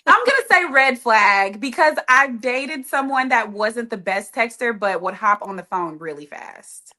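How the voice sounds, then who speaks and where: A woman's voice: a little high, sing-song, measured pace, sharp tone. A woman guest on a podcast in casual chat, talking in an emphatic, sassy way.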